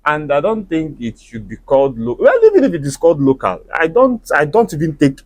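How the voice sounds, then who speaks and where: A man's voice: fairly high pitch, wildly swooping pitch, brisk, a little mellow, no echo. A Nigerian man with an Igbo accent, a native Igbo speaker, chatting in a casual, opinionated movie review and lecturing the listener with conversational tags.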